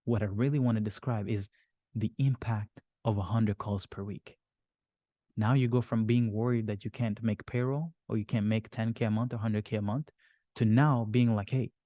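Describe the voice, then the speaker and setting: A man's voice: mid-range voice, dark tone, no room sound. A man teaching a business course on a group call, rambling and swearing, acting out his clients' inner worries. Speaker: business coach.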